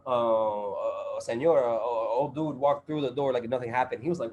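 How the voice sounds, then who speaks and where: A man's voice: medium pitch, fairly even intonation, normal speed, a little mellow, lo-fi sound. A man guest on a podcast, telling a story in casual chat, full of profanity, street slang and fillers.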